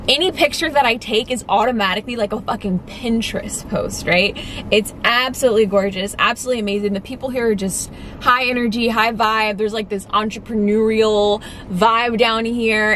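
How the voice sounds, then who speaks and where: A woman's voice: a little high, fairly bright tone, a little hiss or hum. A young woman talking candidly and emphatically in a casual vlog, swearing casually as she goes. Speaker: vlogger.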